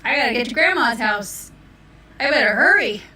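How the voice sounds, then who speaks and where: A woman's voice: on the high side, lively intonation, normal speed, bright, forceful tone. A woman voicing a cheerful, unbothered deaf man in a red hat, chirpy and matter-of-fact. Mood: hurried. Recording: roomy, distant mic.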